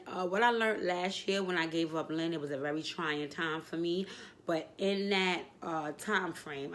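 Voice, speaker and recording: A woman with a slightly low voice shares a heartfelt personal vlog, her talk emotional and reflective as she fights back tears. A faint hum of room noise sits behind her. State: tearful. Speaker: vlogger.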